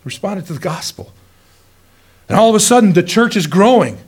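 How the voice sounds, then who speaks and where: Folksy high-voiced male preacher. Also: normal speed, breathy edge. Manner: folksy, joking, chuckles often; lively storytelling. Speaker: pastor. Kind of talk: sermon.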